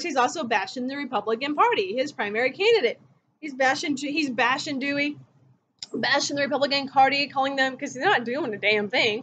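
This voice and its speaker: A woman's voice: high voice, fairly bright tone, a little hiss or hum. A woman history teacher giving a casual recorded lecture at home, telling the story in a chatty way and acting out quotes. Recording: dull lo-fi recording.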